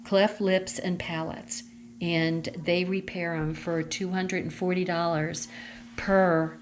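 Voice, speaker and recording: A fairly low-pitched woman, heard over slight background noise, leads viewers through a craft catalog from home, her dogs nearby. As a consultant in this casual walkthrough vlog, she gushes and chatters, thinking aloud while turning pages.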